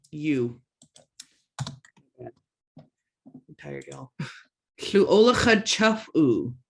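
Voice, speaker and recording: A woman teaching an online language lesson, saying each word slowly and twice, and chatting casually between the drills. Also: deep voice. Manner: slow, careful pronunciation drills with repeated words.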